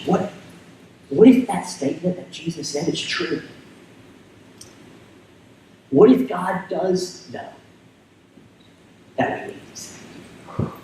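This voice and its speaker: A man preaching a sermon as pastor, animated, repeating words and asking the crowd "right?". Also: sits high, slight background noise. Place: church hall. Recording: echoey hall, mic at a distance.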